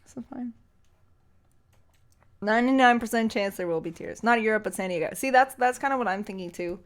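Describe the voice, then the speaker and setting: Young woman, streamer, teary, rambling casual chat, mid-pitched voice. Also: fast. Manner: emotional, rambling, lots of fillers. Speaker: streamer and singer.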